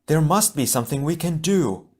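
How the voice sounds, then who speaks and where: A man's voice: a little high, animated, moderate pace, darkish tone, breathy edge, pitched above the performer's own voice. A man voicing an earnest, urgent female hero in an audiobook. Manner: urgent, pleading.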